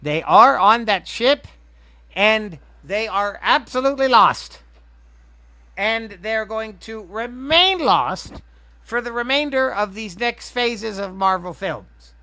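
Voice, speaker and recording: A man putting on the voice of a gloating skeletal male cartoon villain, mock-polite and crude with a gravelly sneer. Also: sits high, lively intonation, slow pace, bright, forceful tone, no room sound, pitched above the performer's own voice, heavily acted. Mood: smug gloating.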